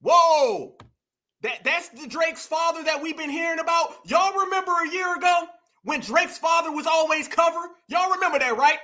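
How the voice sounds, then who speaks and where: A man's voice: very high voice, a little fast, bright, forceful tone. A man hosting an opinionated commentary stream, emphatic and preachy, calling out to his viewers. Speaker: commentary host.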